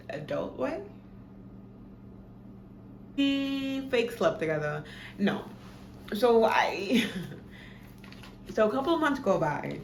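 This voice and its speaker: Young woman, echoey. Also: lowish voice. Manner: animated, profane, dramatic retelling. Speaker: storytime vlogger. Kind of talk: casual storytime. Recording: echoey room, faint background noise.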